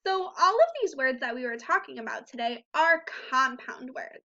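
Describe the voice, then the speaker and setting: A woman teaching a phonics lesson to young children, speaking slowly and clearly and drawing out each sound. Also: sits high, lively intonation, bright, forceful tone, muffled recording. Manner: slow, clear, encouraging teacher talk with drawn-out sounds. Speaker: first grade teacher.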